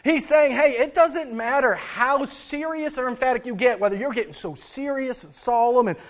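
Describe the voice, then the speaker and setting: A pastor preaching a sermon to his church, earnest, often repeating and restarting words, and swinging his loudness for emphasis. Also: extremely high pitch, moderate pace.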